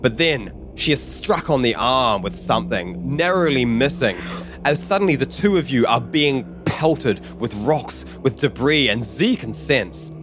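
A man narrating a tabletop game as game master, vivid and halting with restarts. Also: mid-range voice, expressive, music in the background.

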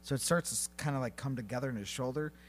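A man co-hosting a comedy podcast, narrating a silly battle with lively delivery and sudden high-pitched character voices. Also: rapid-fire, faint music behind. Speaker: podcast co-host. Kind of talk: comedic storytelling banter.

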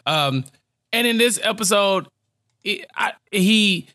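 A man co-hosting a podcast in casual recap chat, animated, often acting out characters' lines. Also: high voice, no room sound, studio quality. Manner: animated, acts out characters' lines in quick bursts. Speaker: podcast co-host.

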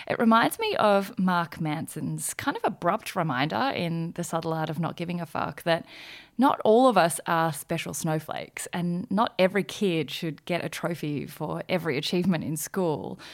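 A woman's voice: lowish voice, creaky. Reflective woman podcast host. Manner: thoughtful, reflective questions with long summaries. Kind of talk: casual podcast interview.

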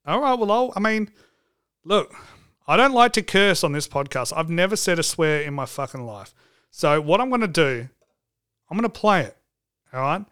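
A man's voice: a little high, sing-song, normal speed, pauses often, a bit bright, clean tone. A man hosting a comedic podcast, joking and irreverent and swearing freely. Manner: joking, irreverent, mock phone call, swears. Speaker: podcast host.

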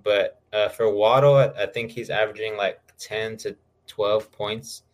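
Low-voiced man breaking down stats. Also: measured pace. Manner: relaxed, talks through stats with filler uhs. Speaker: podcast co-host. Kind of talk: casual fantasy football chat.

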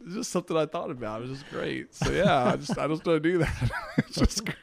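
A man's voice: on the high side, animated, a little fast, gravelly. A young adult man who is a podcast guest, talking in an easygoing, upbeat way and laughing often. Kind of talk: casual conversational interview.

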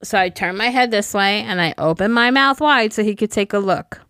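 A woman's voice: medium pitch, brisk, fairly bright tone, clean tone, no room sound, studio quality. A middle-aged woman co-hosting a podcast, telling a story in casual chat and laughing through it. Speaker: podcast co-host.

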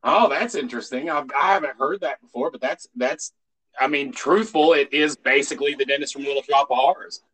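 A man co-hosting a podcast in casual chat, playful and jokey with loud exclamations. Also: medium pitch, fairly quick, husky, poor audio. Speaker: podcast co-host.

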